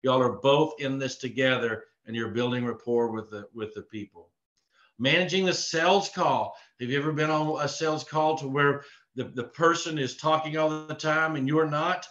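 A man's voice: mid-range voice, normal speed, fairly bright tone. A man from Texas giving a live online sales training, earnest and repetitive in his coaching. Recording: echoey room, dull lo-fi sound.

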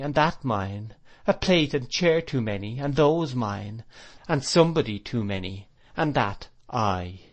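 A man narrating a classic novel as an audiobook, in a measured, reflective, expressive reading voice. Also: mid-range voice. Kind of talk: scripted literary narration.

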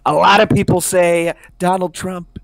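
A man's voice: high voice, little pitch movement, unhurried, vocal fry, no room sound, voice pushed up. A man voicing a boastful, blustering older politician who speaks in repetitive superlatives. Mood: bragging.

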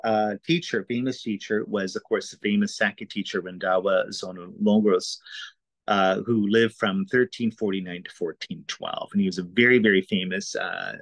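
A man's voice: on the low side, gravelly, no echo, rough recording. A man teaching an introductory course in a casual, explanatory lecture style, talking informally with frequent "uh"s and "right?"s.

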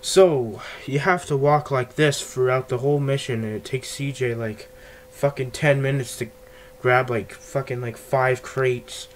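A man's voice: medium pitch, unhurried, slight background noise. Male gameplay commentator, angry and foul-mouthed, recorded on cheap earbuds. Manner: ranting, swearing constantly. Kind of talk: casual game commentary.

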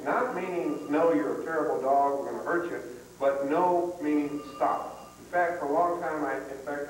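A man leading a dog training seminar, talking in a plain, folksy way with frequent restarts. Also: on the high side. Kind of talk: live seminar talk. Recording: echoey hall, far from mic, 1990s tape.

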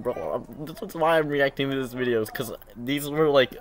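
A teenage boy hosting a casual reaction video at home, excitable and self-mocking, saying "bro" a lot. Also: mid-range voice, moderate pace. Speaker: channel host reacting to his own old basketball video.

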